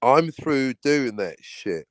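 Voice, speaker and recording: A man's voice: medium pitch, very animated, slow, dry recording. A man reading aloud as a young working-class English robber who stays in control. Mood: weary.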